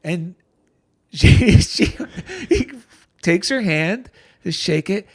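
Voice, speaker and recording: A middle-aged man with an East Coast American accent tells a personal story in an animated, heartfelt way. His voice sits a little high for a man. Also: very slow. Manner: animated, gets choked up with emotion. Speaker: guest, author and veteran. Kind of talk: storytelling in conversation.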